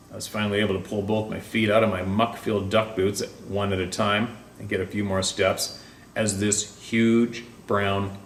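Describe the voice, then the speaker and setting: A man narrating a first-person encounter story in a tense, dramatic way, sometimes dropping to a hush. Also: fairly low pitch, slight background noise. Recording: roomy, distant mic with faint ambience.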